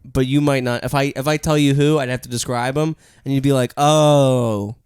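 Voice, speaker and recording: A man's voice: mid-range voice, little pitch movement, quick pace, a little mellow, clear, resonant tone, dry recording, studio quality. A young man co-hosting a podcast, a stand-up comedian in loose, crude banter who laughs and swears often.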